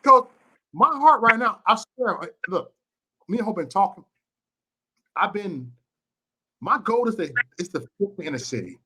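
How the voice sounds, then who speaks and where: Fired-up guy from chicago hosting a live show, bright forceful voice, cusses a lot, trips over his words. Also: high-pitched, big pitch swings, moderate pace, long pauses, breathy edge. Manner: passionate, swearing, repeats words when worked up. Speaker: livestream show host. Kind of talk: casual heated call-in talk.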